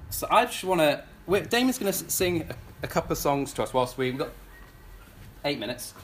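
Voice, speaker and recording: A young man preaching a sermon at a church gathering. He speaks earnestly and pleadingly, often restarting his words, and his voice swings between bursts of intensity and softer, slower moments. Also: fairly high pitch, very animated, a little hiss or hum.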